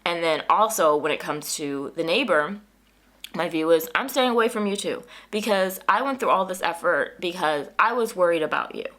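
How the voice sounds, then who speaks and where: Woman, vlogger, casual storytelling, animated, exasperated, voice jumps up high on quotes. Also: moderate pace. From United States. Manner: animated and exasperated, pitch jumps up when quoting herself.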